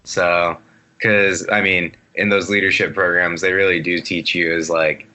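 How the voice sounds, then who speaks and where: A man's voice: low-pitched, level tone, a little slow, bright, forceful tone. A man in his late twenties, a podcast guest chatting casually over a video call, laid-back and rambling, swearing freely. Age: 20s. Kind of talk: casual chat.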